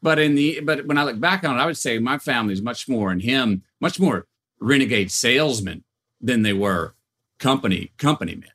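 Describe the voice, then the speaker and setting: As a podcast guest, a man tells stories in a casual, animated way, often restarting and repeating words. His voice is mid-range and brisk.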